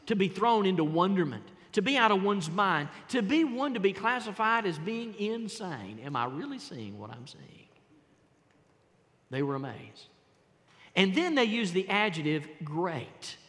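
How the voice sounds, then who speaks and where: A man preaching a sermon, dramatically moving between hushed tones and loud exclamations as he acts out the voices of Bible figures. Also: high-pitched, big-room sound. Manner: dramatic, swings from hushed to shouting.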